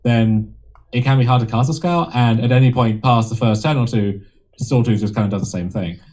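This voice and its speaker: A British man talks through a card game with a guest's easy, teasing wit. His words come fast and run together, and his tone is warm and mellow rather than bright. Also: medium pitch. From United Kingdom. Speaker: guest player. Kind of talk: casual gaming commentary.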